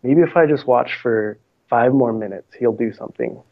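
A man's voice: mid-range voice, normal speed. Casual male interviewee, chatty, tinny phone-line sound. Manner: relaxed, chatty, with filler words.

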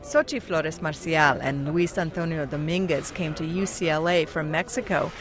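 A woman reporting as a radio news correspondent in a measured, scripted narration. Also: sits low.

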